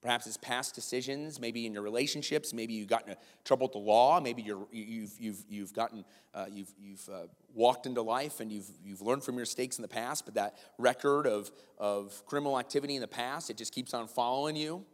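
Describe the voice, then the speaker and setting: A man preaching a sermon, telling a long personal story with lively quoted voices and asides to listeners. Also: mid-range voice, brisk, few pauses. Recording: long hall reverb.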